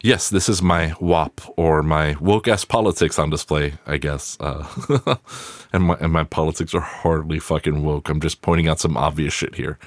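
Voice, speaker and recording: A man with an extremely low, bass-heavy voice talks through a movie on his podcast, casual and profane. He drifts into wry, rambling asides before circling back. The sound is dry and close, with no room in it. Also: steady tone, normal speed, dry recording. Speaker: podcast host. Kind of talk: casual solo movie review.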